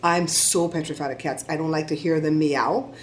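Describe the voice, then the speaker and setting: A middle-aged woman vlogger giving chatty, animated shout-outs to her viewers. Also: deep voice, moderate pace, slight background noise. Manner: chatty, animated storytelling with laughs.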